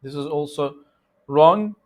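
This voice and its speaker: An Arabic-speaking man with an Egyptian accent gives a recitation lesson in English. His voice sits a touch higher than most men's. He talks loosely with restarts and slows right down to repeat each sound for his students. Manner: repeats sounds slowly to demonstrate them. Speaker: tajweed teacher. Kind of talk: instructional lesson.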